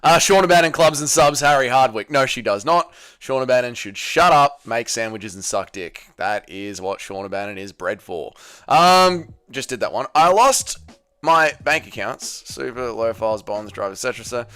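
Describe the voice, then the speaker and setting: A man's voice: medium pitch, lively intonation, normal speed, a bit bright, clear, resonant tone. A young man hosting a casual livestream, reading viewer messages aloud and answering them with crude, joking banter. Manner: crude, joking, swears a lot. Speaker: livestream host.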